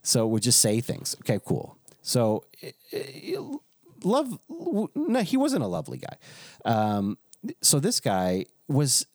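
A man's voice: fairly low pitch, a little mellow, dry recording, studio quality. A man who is a pastor, telling a story in casual chat with restarts and frequent chuckles.

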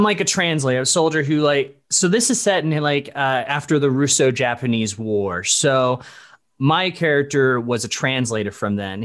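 Speaking as a guest voice actor on a casual podcast, a man from the Dallas-Fort Worth area of the USA rambles and keeps correcting himself. His delivery is stop-start and full of laughter, in a medium-pitched voice with a fairly bright tone.

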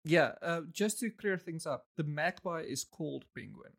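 A man co-hosting a podcast in casual chat, chiming in with short, low-key replies and corrections. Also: lively intonation, normal speed, vocal fry, fairly bright tone. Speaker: podcast co-host.

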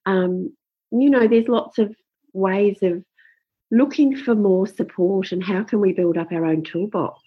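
An older woman, a parenting expert giving advice in a warm, matter-of-fact way. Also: mid-range voice, unhurried, husky, highs cut off. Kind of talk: casual chat.

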